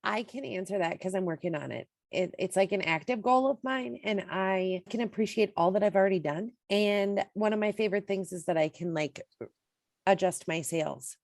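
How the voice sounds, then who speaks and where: A woman's voice: mid-range voice, moderate pace, vocal fry, a little mellow, dry recording, clean studio sound. A woman co-hosting a podcast, talking in a reflective, rambling way. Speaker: podcast co-host. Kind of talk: casual chat.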